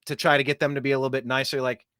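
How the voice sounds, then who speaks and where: A man hosting a talk show, ranting in an animated, mocking way about clips he plays. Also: medium pitch, very fast, smooth, no echo, studio quality. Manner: animated, mocking, does voices while ranting. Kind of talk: opinionated commentary over clips.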